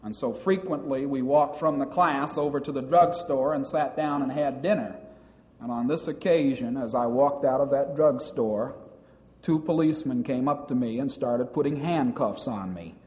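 A man giving a public talk about his time as a university student, telling stories in a measured way with some hesitant restarts. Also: mid-range voice, a little mellow. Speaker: former university student recounting experiences. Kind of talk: public speech recounting personal experiences. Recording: dull lo-fi recording in a reverberant hall.

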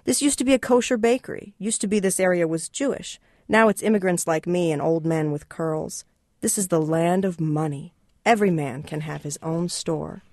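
A reader voicing a warm, proud immigrant man who owns a donut shop, hospitable and gently teasing. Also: medium pitch, normal speed, no echo, clean studio sound, lightly acted. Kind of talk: reading a novel aloud.

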